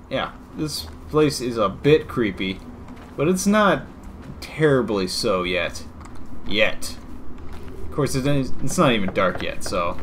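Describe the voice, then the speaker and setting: A man's voice: medium pitch, slight background noise. Guy playing a game and cracking sarcastic jokes, casual commentary. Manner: joking, sarcastic asides. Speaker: video game let's-player.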